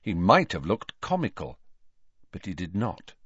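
A man narrating a story in a measured storytelling manner, in a dull, dry recording. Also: deep voice, huge pitch swings, a bit bright, slightly rough, no echo. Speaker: audiobook narrator. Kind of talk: scripted narration.

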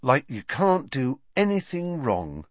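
A man's voice: medium pitch, wildly swooping pitch, dry recording, pitched above the performer's own voice. A man doing a grumpy teenage boy. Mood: grumbling. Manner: grumbling, drawn-out. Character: grumpy laid-back teenage schoolboy. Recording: dull lo-fi recording.

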